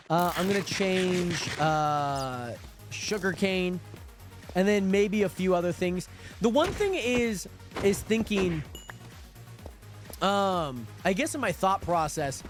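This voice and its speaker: A young man live-streaming a game, chatting casually and rambling with lots of fillers while greeting viewers by name. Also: high-pitched. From Pacific Northwest.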